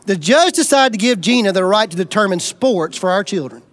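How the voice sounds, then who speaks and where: High-voiced man preaching a dramatic sermon. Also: expressive, a little fast. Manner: dramatic, shifts between loud bursts and quiet intensity; plainspoken, folksy humor. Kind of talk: storytelling sermon.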